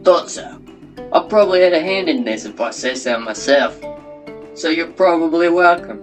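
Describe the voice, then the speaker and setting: A man's voice: a little high, lively intonation, moderate pace, natural voice. A man voicing a brash male hybrid-animal breeder with a put-on Australian accent, boastful and blustery. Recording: background guitar music.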